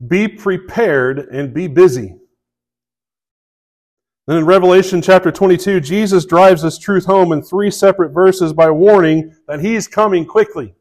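This male pastor's voice sits high and is unhurried and a little mellow, captured on a rough recording. His sermon has a conversational feel, with frequent check-ins with the congregation and scripture readings that build in emphasis.

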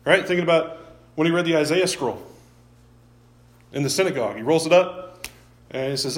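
Conversational pastor with a higher voice. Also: male voice, expressive, normal speed, long pauses, roomy sound. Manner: conversational, often restarts words, quizzes the congregation. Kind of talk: sermon. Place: church sanctuary.

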